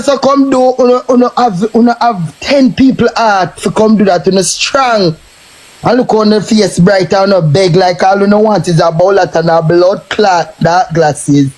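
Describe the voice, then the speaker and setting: A man's voice: high-pitched, a little mellow, low-quality recording. A man with a Jamaican accent, ranting and taunting in a cursing live stream tirade.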